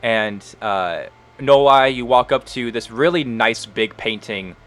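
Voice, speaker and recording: A man's voice: mid-range voice, unhurried, a bit bright. Man narrating a tabletop game casually. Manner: casual, with frequent ums. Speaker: game master.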